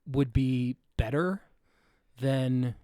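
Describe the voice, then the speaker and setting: A man co-hosting a podcast, talking through a film in a halting, reflective way and searching for his words. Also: mid-range voice, mellow, smooth, dry recording, studio quality. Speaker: podcast co-host. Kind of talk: casual film discussion.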